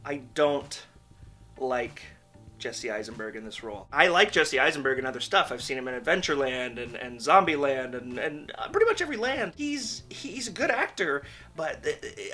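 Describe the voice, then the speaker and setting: A man's voice: mid-range voice, pushed and bright. A man giving a candid, rambling movie review in a casual vlog, swearing freely. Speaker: film reviewer.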